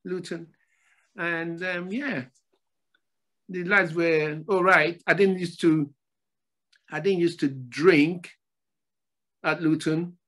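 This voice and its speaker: An older man from Nigeria, a former footballer, telling stories as a podcast guest in a relaxed chat, often repeating his phrases. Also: fairly high pitch, slow pace, long pauses. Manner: repeats phrases, animated storytelling. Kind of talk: casual storytelling interview.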